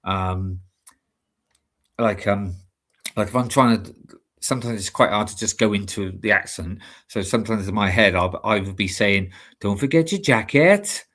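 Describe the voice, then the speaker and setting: A British man co-hosts a livestream, chatting casually and rambling hesitantly with lots of fillers. His voice is lowish and a bit bright, with fairly even intonation at a moderate pace.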